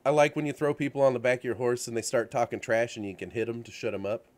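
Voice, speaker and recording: Man, casual chat host, rambling storyteller, animated, filler-heavy. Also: mid-range voice, fast. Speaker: show host. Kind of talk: casual chat about video games. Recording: radio-show studio setup.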